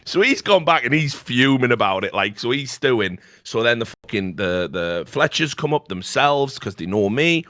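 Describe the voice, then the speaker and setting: A middle-aged podcast host tells a blunt, profane, fast-flowing anecdote packed with swearing. His medium-pitched voice is very animated with a fairly bright tone, on a dry recording.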